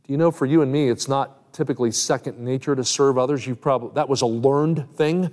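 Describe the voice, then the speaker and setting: Earnest evangelist preaching in a reverberant hall. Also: male voice, mid-range voice, a little fast, a little mellow. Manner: earnest preaching, quotes Scripture at length, rising emphasis. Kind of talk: sermon.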